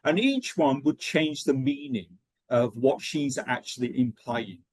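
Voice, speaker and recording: A man's voice: medium pitch, a little slow, dry recording. A man leading an online teacher-training lesson, checking in often with "okay" as he explains. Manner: lively, checks in with frequent "okay".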